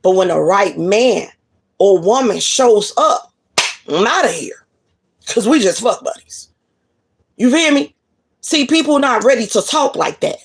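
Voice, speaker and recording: A woman's voice: mid-range voice, expressive, a little slow, pauses often, a little hiss or hum. A woman delivering a blunt, profane monologue of relationship advice in a casual, preachy way. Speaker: spiritual reader.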